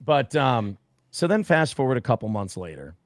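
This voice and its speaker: A man, a guest on a talk stream, telling a story in a casual, profane, animated way and acting out the quotes. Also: medium pitch, normal speed, no echo, clean studio sound.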